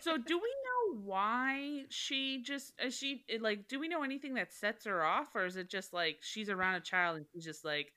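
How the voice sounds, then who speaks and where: A woman's voice: a little high, big pitch swings, moderate pace, few pauses, pushed and bright. A woman co-hosting a true-crime podcast, chatting casually with a playful, jokey manner. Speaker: podcast co-host.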